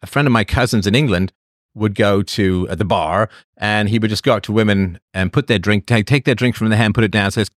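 A man's voice: fairly low pitch, brisk, dry recording, clean studio sound. A man hosting a show, talking casually in a rambling monologue and answering the chat. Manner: rambling, with acted voices and asides.

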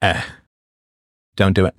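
This middle-aged livestream host takes it slowly, with a fairly bright tone, as he chats with viewers and offers blunt advice. He laughs often and wanders off topic, and the studio-quality audio has no room sound.

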